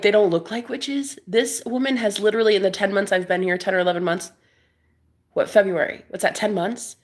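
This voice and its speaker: A young woman chatting casually to camera as she tells a story, acting out the people in it, laughing often and dropping to whispers. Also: medium pitch. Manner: animated, laughing, acts out quoted voices, drops to whispers. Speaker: vlogger. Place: Airbnb room indoors.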